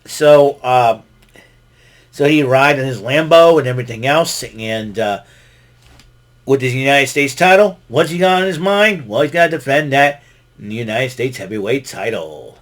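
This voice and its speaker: A man's voice: medium pitch, lively intonation, normal speed. A man casually recapping a wrestling show, rambling with many fillers and restarts and chuckling often. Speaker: podcast host recapping wrestling.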